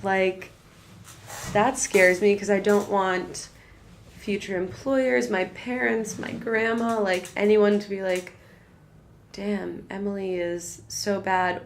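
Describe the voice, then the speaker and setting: A woman's voice: mid-range voice, vocal fry. A woman of twenty-four in casual podcast chat, candid and talkative with lots of fillers. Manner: candid, chatty, filler-heavy. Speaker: podcast guest.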